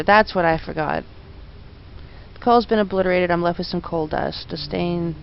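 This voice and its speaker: Woman game streamer, gravelly low-key commentary; muffled mic, faint hiss. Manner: reads game text aloud, mutters, then bursts into laughing outbursts. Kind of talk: casual let's-play commentary.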